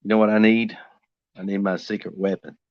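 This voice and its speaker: A man with a lowish, fairly flat voice talks at a brisk clip while drawing live for his stream, rambling easygoingly and muttering to himself as he works. There's no room sound, and the lo-fi recording comes across dull and dry.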